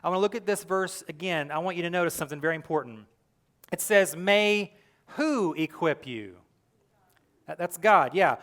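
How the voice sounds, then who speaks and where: A young adult male pastor giving a sermon, telling the story with lively, acted-out quotes and earnest direct address. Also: on the high side, moderate pace. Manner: animated storytelling, acting out quoted lines.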